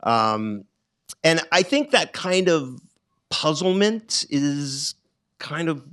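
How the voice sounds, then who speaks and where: A middle-aged man, an author, speaking to an audience at a bookstore event in a reflective, halting way, with frequent ums and restarts. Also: a little high, sing-song, a bit bright, clean tone.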